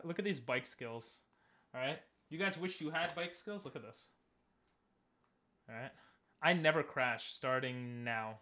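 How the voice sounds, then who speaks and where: A man's voice: mid-range voice, unhurried, pauses often, bright, forceful tone. A young man giving casual, joking commentary while streaming a game and talking with chat. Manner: chatty, joking, talks to chat.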